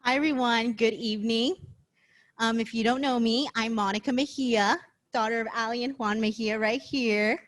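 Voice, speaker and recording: Young woman recipient, emotional thank-you speech, slightly high voice. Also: fairly even intonation, moderate pace. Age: 20s. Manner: chatty, heartfelt, close to tears. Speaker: scholarship recipient. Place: banquet event.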